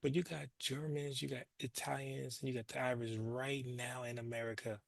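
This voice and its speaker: A man's voice: medium pitch, flat delivery, moderate pace, creaky, dry recording. A man hosting his own show, talking loosely and profanely and doubling back on his words as he explains. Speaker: show host. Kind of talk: casual commentary monologue.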